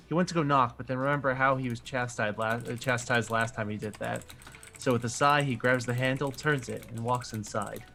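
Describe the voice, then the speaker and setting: A man's voice: medium pitch, creaky, pushed and bright. A man narrating as game master of a tabletop game, an easygoing storyteller who chuckles often.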